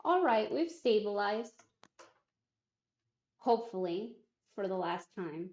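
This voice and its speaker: A woman's voice: medium pitch, animated, slow pace, pauses often, darkish tone. A woman streamer chatting casually in a rambling, self-deprecating, wry way. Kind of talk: casual livestream chat. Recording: roomy, muffled stream audio.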